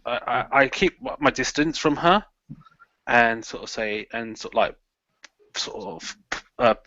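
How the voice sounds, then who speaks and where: A man with a bright, forceful voice plays in a tabletop horror game, describing his character's moves in a rambling way with many restarts and "sort of". His voice comes through a video call with dull, lo-fi sound. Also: medium pitch, unhurried, dry recording. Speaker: player. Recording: lo-fi online call audio.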